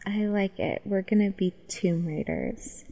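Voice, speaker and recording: Slow, gravelly-voiced playful woman. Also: mid-range voice, mellow. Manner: playful, joking. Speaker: podcast co-host. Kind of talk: casual chat.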